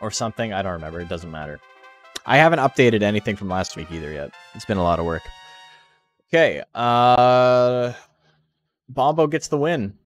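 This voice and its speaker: With soft music in the background, a male tournament commentator jokes his way through live-stream game coverage in a lowish, very animated, fast voice. His talk rambles, is packed with "like," and is full of unguarded swearing.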